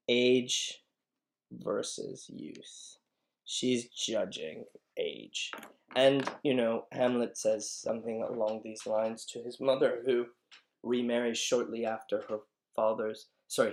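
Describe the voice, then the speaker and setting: Slow, gravelly male teacher. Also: medium pitch, steady tone. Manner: musing, conversational. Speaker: literature teacher. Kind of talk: classroom lecture on a play.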